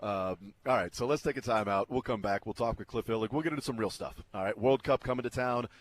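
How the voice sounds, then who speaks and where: A man's voice: fairly low pitch, fast. A middle-aged man hosting a sports radio show. He tells a loose story in a casual way and fills it with lots of ums and uhs. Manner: rambling, filler-heavy, laughs through his stories.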